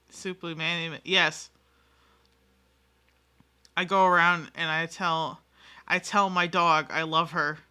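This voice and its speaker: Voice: mid-range voice, bright, forceful tone, clean tone. A game streamer in a casual live-stream chat with viewers, rambling and self-mocking, giggling often and swearing freely.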